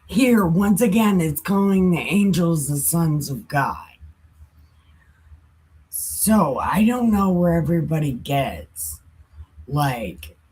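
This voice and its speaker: A woman's voice: deep voice, a little mellow, breathy edge. A woman giving casual, chatty Bible commentary with self-joking asides. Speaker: Bible teacher.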